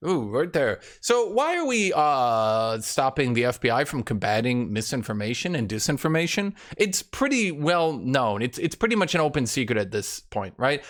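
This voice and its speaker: A man's voice: on the high side, fairly bright tone. A young man commenting on a live stream, reading out documents to his chat with heavy sarcasm, exasperation and frequent swearing.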